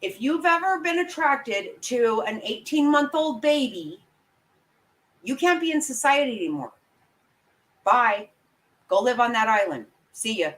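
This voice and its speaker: A woman's voice: fairly high pitch, very animated, a little slow, pauses often, fairly bright tone, poor audio. A woman giving angry, blunt, profane commentary as a vlogger, talking straight to her viewers. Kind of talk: opinionated live commentary.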